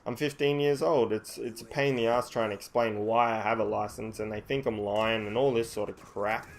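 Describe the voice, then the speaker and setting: A man's voice: lowish voice, fairly even intonation, a little fast. Aussie guy rambling thru a story, swears a lot, restarts sentences, keeps it casual. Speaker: vlogger telling a story.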